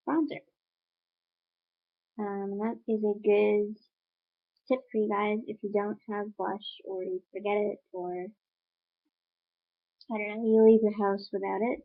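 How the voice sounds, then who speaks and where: A woman narrates a makeup tutorial at an unhurried pace, her voice carrying a gravelly fry. She rambles a little and pads her talk with fillers. The sound is thin and phone-like. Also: medium pitch. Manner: relaxed, rambling with many fillers. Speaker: beauty vlogger.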